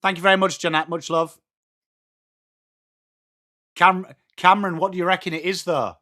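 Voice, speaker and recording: With a high voice at normal speed, a young man from the north of England hosts a live fan watchalong. He narrates the play and reads chat messages, excitably bantering with viewers by name.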